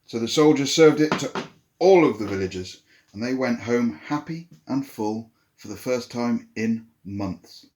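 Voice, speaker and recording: A man telling a folk tale in a relaxed, casual way, with many "so he goes" links. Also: mid-range voice, measured pace. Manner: relaxed, repetitive "so he goes" narration. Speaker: storyteller and channel host. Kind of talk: casual spoken storytelling. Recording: roomy echo, faint ambient noise.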